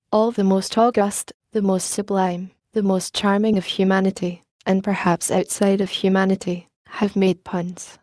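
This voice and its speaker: A pompous young male student holds forth to his friends in a measured, sermonizing tone, as a woman reads him aloud. The voice is mellow and sits in a middle register. The recording is dry and close. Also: mid-range voice, dry recording, close to an everyday voice. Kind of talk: audiobook reading.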